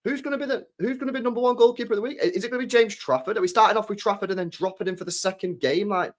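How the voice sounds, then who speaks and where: A young man, chatting casually about football transfer news, animated, repeating himself and swearing often. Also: high voice, rapid-fire. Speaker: football fan channel host.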